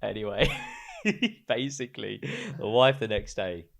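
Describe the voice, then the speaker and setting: A man co-hosting a casual chat podcast, telling a story with lots of laughter and sudden quiet mutters. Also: a little slow, gravelly. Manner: animated storyteller, laughs often, drops to low mutters. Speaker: podcast co-host.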